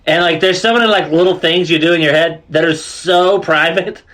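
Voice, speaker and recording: A man's voice: on the high side, brisk, a bit bright. A young man co-hosting a crude, casual podcast, rambling with lots of fillers and laughing at his own jokes. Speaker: podcast co-host.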